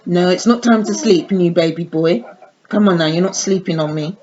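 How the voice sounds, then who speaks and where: A woman vlogging a doll unboxing in a casual, chatty way, slipping into sing-song baby talk with her dolls. The audio is dull and lo-fi. A steady noise sits clearly behind her voice. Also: fairly low pitch, normal speed.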